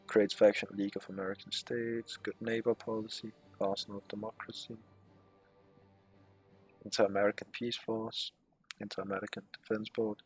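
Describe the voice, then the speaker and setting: A man plays a strategy game for a let's play, offering casual commentary, reading the game's text aloud, and muttering asides laced with swearing. His voice is on the low side with a breathy edge.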